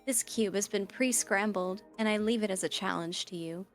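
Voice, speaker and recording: A woman reading aloud the lines of a creepy, chirpy female research AI in a game, slow and deadpan. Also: mid-range voice, soft background music, natural voice.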